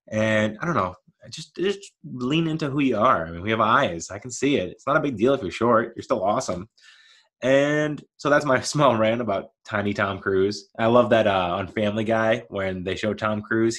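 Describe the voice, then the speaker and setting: A man in his thirties rambles through a casual solo monologue with a somewhat low voice. He is gently self-deprecating and keeps laughing at himself. He stays mild and never raises his voice. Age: 30s. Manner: mild-mannered, never yells.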